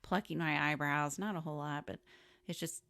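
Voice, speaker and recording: Brief: deadpan woman co-host with a low, fry-tinged voice. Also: fairly quick, no room sound. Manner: sarcastic, deadpan jokes. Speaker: podcast co-host. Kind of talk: casual movie podcast chat.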